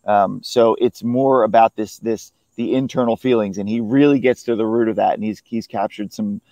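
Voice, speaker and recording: A man, a film critic, chatting casually about a film he saw, often pausing and restarting his sentences. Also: fairly low pitch, steady tone, warm tone, dry recording. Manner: hesitant, full of restarts and "you know". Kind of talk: casual film review chat.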